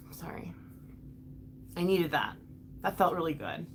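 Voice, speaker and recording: A woman's voice: low-pitched, sing-song, unhurried, long pauses, a bit bright, slight background noise. A woman ranting on a casual livestream vlog, heated and profane, with many fillers and restarts, talking straight back to her viewers. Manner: talks back to viewers directly. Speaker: livestream vlogger reading chat.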